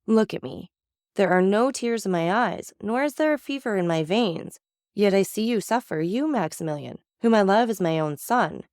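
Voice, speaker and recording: A woman's voice: medium pitch, expressive, moderate pace, darkish tone, dry recording, studio quality, natural voice. A woman voicing a mysterious, commanding nobleman in a storybook reading, solemn and persuasive.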